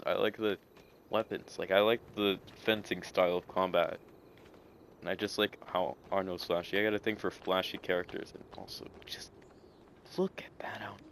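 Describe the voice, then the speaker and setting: Young dude rambling over gameplay, low voice, lots of likes and ums. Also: male voice, fairly bright tone, a little hiss or hum. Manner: rambling, filler-heavy, enthusiastic. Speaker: gaming video creator. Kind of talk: casual let's-play commentary.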